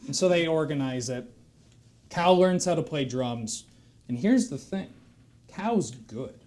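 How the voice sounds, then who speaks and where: A man spins a drawn-out shaggy-dog joke in a deadpan, meandering way, stopping to over-explain small details. His voice sits a bit high for a man. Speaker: comedian telling a joke.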